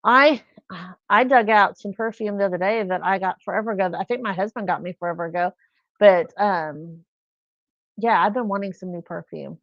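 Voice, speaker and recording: Chatty woman host, rambling, dry lo-fi audio, kinda gravelly. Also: medium pitch, brisk, fairly bright tone, no room sound. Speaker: live stream host. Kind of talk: casual live chat. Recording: dull lo-fi sound.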